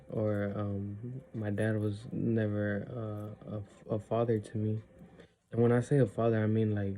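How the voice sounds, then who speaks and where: A young man pours out his frustrations in a rambling vlog monologue and acts out past arguments. His voice sits low and very dark, and his delivery stays flat with little rise and fall. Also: slight background noise. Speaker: vlogger. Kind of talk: personal venting monologue.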